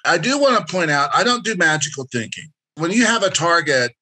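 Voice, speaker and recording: A man's voice: a little high, very animated, fairly quick, pushed and bright, slightly rough. A man presenting a career workshop in a direct, instructive and encouraging way, drawing answers from participants. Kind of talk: interactive workshop lecture.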